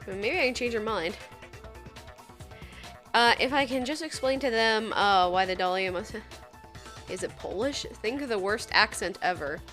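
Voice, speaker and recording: A woman's voice: mid-range voice, normal speed, pauses often, fairly bright tone, soft background music. A woman with a Saskatchewan accent, chatting casually on a game stream, giggling often and swearing casually. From Saskatchewan, Canada. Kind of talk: casual gaming stream chat.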